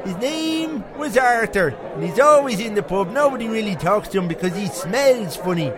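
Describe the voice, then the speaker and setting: A squeaky, sing-song pub regular, rambling through a crude comic rant and swearing without pause. His voice rides a loud crowd murmur like a busy bar, and he swings up and down with excitable energy. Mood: boisterous. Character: foul-mouthed Irish pub regular, middle-aged man, boastful and crude. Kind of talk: comic character monologue.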